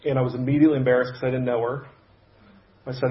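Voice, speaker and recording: A man pastor telling a personal story in a sermon, conversational and halting, with frequent restarts. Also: mid-range voice, little pitch movement, roomy sound, dull audio. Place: church sanctuary.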